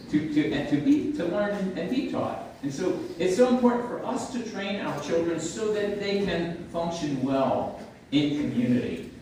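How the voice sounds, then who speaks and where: An older man delivers a sermon to his church in a rambling, conversational way, stumbling and restarting his phrases. His voice lifts and falls a lot, and the livestream catches him from a distance in a very echoey sanctuary with steady room noise behind. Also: sits high. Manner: conversational, halting with many restarts. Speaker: pastor.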